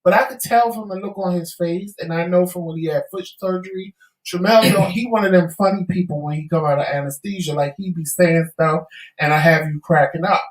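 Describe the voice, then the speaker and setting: A man's voice: high-pitched, a little fast. A man co-hosting a talk show, telling a story casually and acting out the voices of the people in it. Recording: echoey room.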